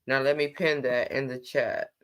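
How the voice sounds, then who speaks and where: Low-voiced woman hosting a casual livestream. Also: little pitch movement, normal speed, fairly bright tone, clear, resonant tone. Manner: chatty, teasing, greets viewers by name. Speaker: livestream host.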